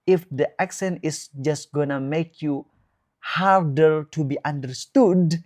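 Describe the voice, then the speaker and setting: A man with an Indonesian accent, an Islamic teacher giving relaxed advice as a guest in a talk, with measured, drawn-out phrasing and emphasis. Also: fairly high pitch.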